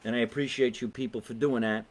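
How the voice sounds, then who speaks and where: A man with a New Jersey accent hosts a live online comedy talk show from his home basement, brash, joking with viewers and swearing freely in casual live-stream chat. His voice is medium-pitched with fairly even intonation, and he talks fast.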